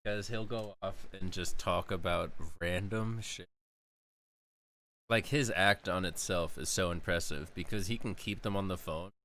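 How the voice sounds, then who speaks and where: A man's voice: low voice, fairly even intonation, a little slow, bright, forceful tone. A man streaming casual reaction commentary, amused and laughing often.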